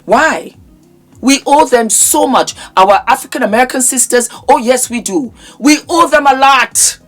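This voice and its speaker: A woman's voice: sits high, unhurried, faint music behind. A woman vlogger with a sore throat, giving an impassioned, scolding commentary with emphatic repetition. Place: in England.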